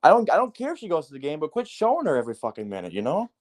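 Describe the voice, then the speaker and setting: A man's voice: fairly high pitch, rapid-fire. A man in a casual, heated sports rant, cursing often and leaning on fillers like "like" and "man". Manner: profane, heated, animated ranting with frequent fillers.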